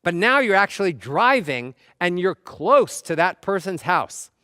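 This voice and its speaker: A man's voice: high-pitched, unhurried, no echo, studio quality. A man giving a motivational talk, firing off rhetorical questions and acting out the nervous voices in a person's head. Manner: animated, fires rhetorical questions; acts out nervous inner voices. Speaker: motivational speaker.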